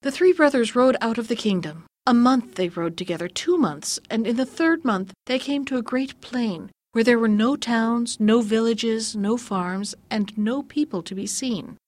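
A woman narrating a fairy tale in a measured, gently expressive storytelling voice. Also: a little high.

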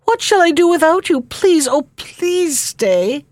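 A woman's voice: high voice, animated, moderate pace, no echo. A woman voicing a young princess who pleads and begs in an eager, tearful way. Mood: pleading. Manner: eager, imploring.

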